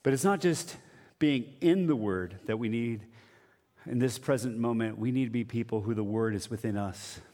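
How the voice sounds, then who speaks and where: A man preaching a sermon as a pastor, conversational and animated, now and then dropping to a quiet voice. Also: medium pitch, moderate pace, in a large hall.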